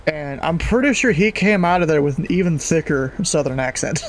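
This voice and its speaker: Laid-back slangy man, slightly high voice. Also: lively intonation, moderate pace. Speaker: streamer flying online as pilot. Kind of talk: casual chat and pilot radio calls.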